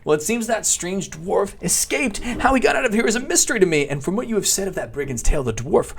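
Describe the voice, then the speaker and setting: A man's voice: high-pitched, sing-song, quick pace, creaky, a little hiss or hum, pitched above the performer's own voice, exaggerated voice. A man voicing a fussy, earnest small male village constable in a raised, chirpy voice for a video game.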